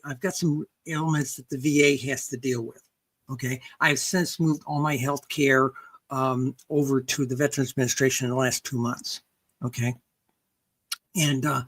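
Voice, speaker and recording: An older woman guest in a casual interview, rambling with frequent restarts and "okay" checks. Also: deep voice. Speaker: guest researcher and author.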